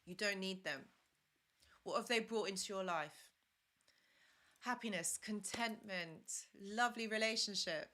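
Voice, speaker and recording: A woman's voice: medium pitch, measured pace, long pauses, sharp tone. A young woman hosting a live stream, giving earnest, repetitive advice and stopping to thank viewers. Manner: earnest, repetitive, reads comments aloud. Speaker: live stream host, relationship advisor.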